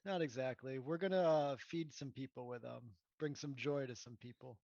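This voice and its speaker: A man in a tabletop game, talking in an easygoing, casual way at a middle pitch. His mic sounds dry and a bit muffled. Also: moderate pace, vocal fry, a little mellow, dry recording. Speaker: player. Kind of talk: tabletop role-play.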